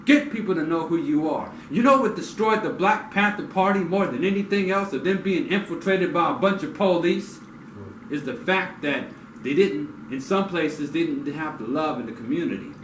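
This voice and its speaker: A man giving a blunt, profane community talk that swings into loud, angry outbursts. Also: fairly high pitch, normal speed. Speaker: community speaker. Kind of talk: impassioned street talk. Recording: echoey, distant mic with noise.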